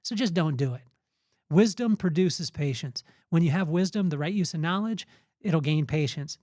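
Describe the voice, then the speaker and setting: A man's voice: a little high, lively intonation, normal speed, a little mellow, dry recording, clean studio sound. A middle-aged man hosting a podcast, giving an earnest, preachy motivational faith talk with spontaneous storytelling. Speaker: podcast host.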